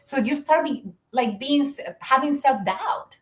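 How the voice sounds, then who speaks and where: In this conversational interview, the guest is a business founder from Chile, a woman whose Chilean Spanish accent comes through clearly. She has a high, slightly bright voice and takes her time, and the room sounds echoey. Her manner is earnest and reflective, full of fillers.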